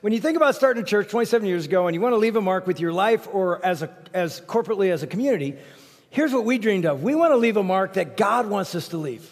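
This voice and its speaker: A middle-aged male pastor preaching a sermon in a church auditorium, telling personal stories with animated, joking banter. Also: high-pitched, fast talker. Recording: long reverb of a large church hall.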